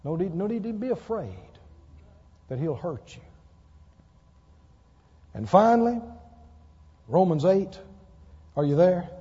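A man preaching a sermon to a congregation, emphatic, repeating lines slowly for stress and asking the people questions. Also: sits high, big pitch swings, warm tone, husky. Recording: dull lo-fi sound with long hall reverb.

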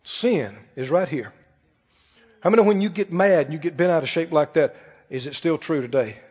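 A man preaching a sermon, animated and full of rhetorical questions to the congregation. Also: on the high side, normal speed, breathy edge. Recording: muffled sound with long hall reverb.

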